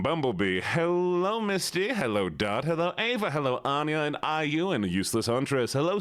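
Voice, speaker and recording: A playful male streamer in casual live chat, his pitch bouncing up and down as he jokes with his audience. His voice sits in an ordinary middle register, and he keeps a chatty, teasing manner throughout. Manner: playful, greeting viewers one by one; chatty and joking. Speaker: livestreamer.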